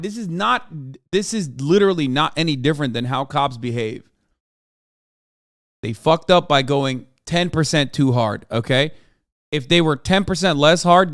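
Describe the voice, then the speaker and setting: A man's voice: fairly high pitch, a bit bright, no room sound, clean studio sound. A man streaming a reaction, ranting angrily and emphatically with heavy profanity. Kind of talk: heated livestream reaction commentary.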